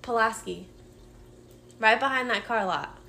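Bright, high-voiced mom. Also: female voice, creaky. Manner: blunt, profane, quick reactions. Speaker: podcast co-host. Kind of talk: casual storytelling chat.

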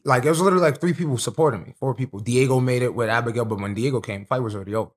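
A man's voice: medium pitch, rapid-fire. A young man, a professional fighter, telling fight stories in a casual podcast chat, streetwise and profane. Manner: streetwise, profane, animated storytelling.

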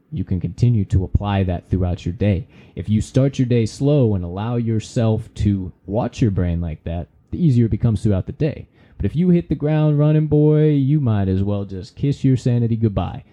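A man's voice: fairly low pitch, animated, normal speed, mellow. A man hosting a podcast, giving a casual, preachy motivational talk with folksy slang and the odd swear word. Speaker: podcast host.

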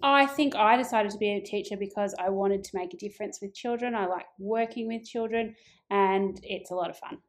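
A woman's voice: mid-range voice, fairly quick. An Australian woman in her forties, a primary school teacher answering interview questions in a friendly, lightly joking way. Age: 40s.

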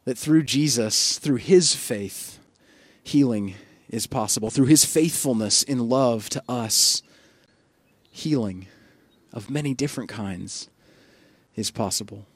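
A male pastor giving a sermon in an earnest, reflective way, often trailing off softly. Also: medium pitch, slightly rough, dry recording. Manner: earnest, reflective, with soft dropping pauses.

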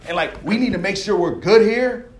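Leading a devotional, a young coach preaches with emphasis in a conversational style, peppering his talk with "all right?" check-ins. He speaks in a high-pitched voice at a moderate pace, in an echoey room.

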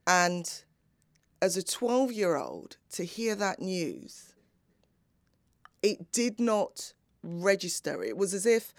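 A middle-aged woman telling a personal story in a slow, deliberate, dramatic way, with long pauses. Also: fairly low pitch, gravelly, no room sound, clean studio sound.

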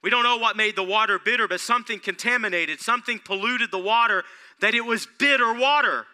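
A male pastor preaching a sermon, throwing rhetorical questions at the congregation and building excitement. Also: high-pitched, a little fast, clear, resonant tone.

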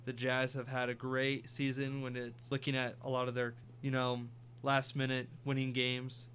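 A man's voice: mid-range voice, monotone, moderate pace, fairly bright tone, a little hiss or hum. Young man reeling off basketball stats. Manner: reels off stats, teasing. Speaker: podcast co-host. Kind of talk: casual sports chat.

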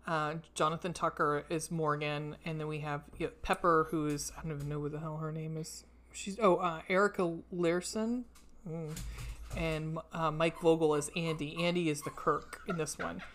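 A woman's voice: deep voice, fairly even intonation, moderate pace. A young woman co-hosting a casual podcast chat about a horror film, rambling with many fillers and casual swearing. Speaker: podcast co-host.

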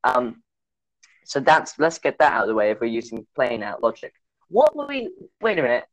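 A young man co-hosting a podcast, teasing and animated, slipping into silly voices. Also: mid-range voice, a little fast, dry recording, low-quality recording. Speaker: podcast co-host. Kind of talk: casual banter.

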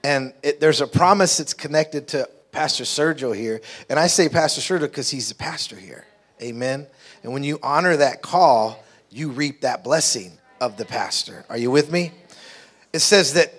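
A man's voice: medium pitch, normal speed, fairly bright tone. A man preaching from the pulpit of a church. He exhorts the congregation and keeps asking for an amen. He reads scripture aloud in between. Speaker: guest preacher, pastor's brother. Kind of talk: sermon. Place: church sanctuary.

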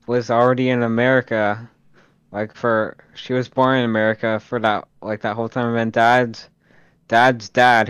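A young man hanging out and commenting on a movie with friends. His voice is smooth and clear, recorded dry and close, and he rambles with a few hesitations. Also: mid-range voice, dry recording. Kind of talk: casual joking chat.

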